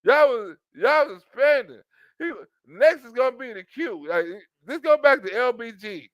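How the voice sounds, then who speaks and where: A man's voice: extremely high pitch, lively intonation, normal speed, no echo, lo-fi sound. A man in a casual, profane commentary rant, rambling, laughing often and repeating his fillers. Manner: laughs often, rambling, repeats "you know what I'm saying". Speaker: commentary vlogger.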